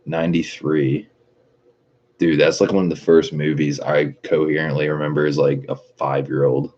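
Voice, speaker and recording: A man in his thirties chats loosely with viewers, swearing freely and laughing a lot. His voice is extremely deep. The sound is muffled and lo-fi, with a faint hiss underneath. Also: little pitch movement, moderate pace, a little mellow. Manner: profane, laid-back, laughing. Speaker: streamer. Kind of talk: casual chat.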